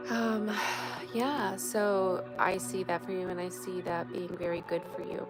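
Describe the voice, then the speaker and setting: A woman's voice: on the low side, flat delivery, a little slow, low-quality recording. A woman hosting a casual late-night live chat, talking frankly and loosely with some swearing as she gives spiritual advice. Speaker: livestream host. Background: music playing.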